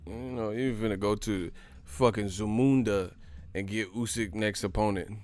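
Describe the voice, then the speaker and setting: A man hosting a live stream, giving loud, profane, slangy boxing banter full of laughs and mock impressions. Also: fairly low pitch, normal speed. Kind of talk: casual boxing commentary with comic impressions.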